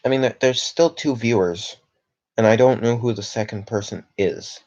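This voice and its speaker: A man's voice: mid-range voice, normal speed, a little mellow, highs cut off. A young man from Canada chatting casually on a livestream, rambling and reading viewer comments aloud with lots of fillers. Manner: rambling, reads chat aloud, filler-heavy.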